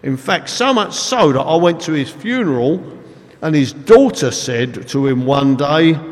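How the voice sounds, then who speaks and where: A man preaching a sermon, telling stories in an animated, emphatic way. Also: a little high, measured pace. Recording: echoey hall with long reverb.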